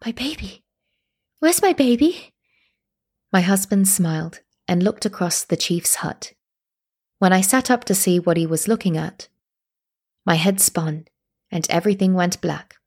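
A woman reading a first-person story aloud as narrator, at a steady, measured pace. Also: fairly low pitch, husky.

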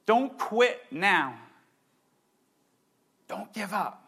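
A young man preaching a sermon, excitable and animated, with playful asides. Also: sits high, extremely slow, husky. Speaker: pastor.

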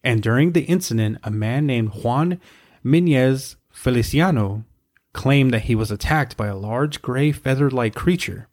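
A man co-hosting a podcast, reading research aloud in a steady way with wry asides. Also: mid-range voice, a little slow. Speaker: podcast co-host.

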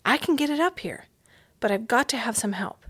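A woman's voice: a little high, expressive, brisk, a bit bright, breathy edge, no echo. A woman voicing a plucky young male mouse who talks in an urgent, coaxing way.

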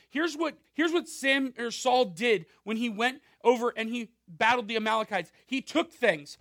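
A male pastor giving a conversational sermon, animated, with frequent asides and rhetorical questions. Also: very high-pitched, normal speed, no echo, studio quality.

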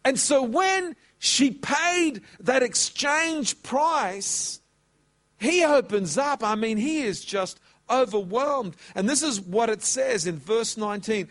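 A man preaching a sermon, telling a story and stretching out words for emphasis. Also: very high voice. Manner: animated, drawn-out emphasis.

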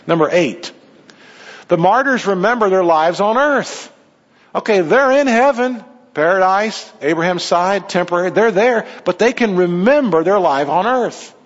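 High-voiced animated male preacher. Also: a little slow. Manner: animated preaching with sudden pitch swings. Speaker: pastor. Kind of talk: sermon. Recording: dull sound in a reverberant hall.

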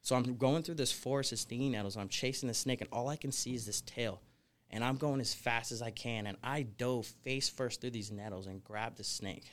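Brisk and mid-range, this young man's voice carries his life story on a podcast where he's the guest, a snake wrangler. He tells it in a lively, rambling way, full of "you know" and "like."

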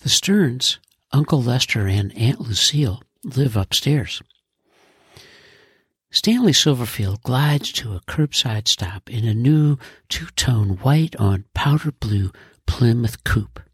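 A man reads the narration of an audio play slowly and with care. His voice is very husky and close-miked in a dry space. He speaks at a relaxed pace. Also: mid-range voice, no echo. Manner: slow and measured. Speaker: writer and narrator. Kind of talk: scripted narration.

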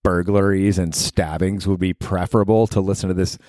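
A man's voice: sits low, level tone, a little fast, darkish tone, dry recording, lightly acted. A man playing a fed-up reporter who wishes he were on another assignment. He sounds weary and sardonic, in a dry, close recording. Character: bored male newspaper interviewer.

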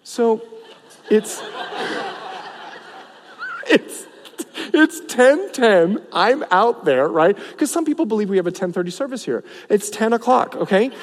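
A man preaching a sermon as a pastor, animated, acting out the people in his story with a voice that rises and drops. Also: high-pitched, slow pace, pauses often. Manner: animated, acts out the people he preaches about, voice rising and dropping. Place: church sanctuary. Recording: long hall reverb.

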